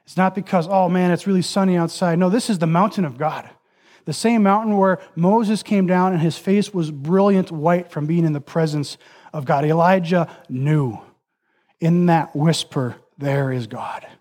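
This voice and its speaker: Impassioned high-voiced male preacher. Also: normal speed. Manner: dramatic drops to a soft, near-whispered voice for emphasis; repetitive, building lists of phrases. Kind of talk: sermon.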